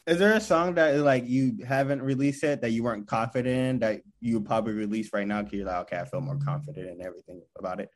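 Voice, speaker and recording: Man, podcast host, casual interview, rambling questions, average pitch. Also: fast, few pauses. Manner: loose, filler-heavy questions with laughs.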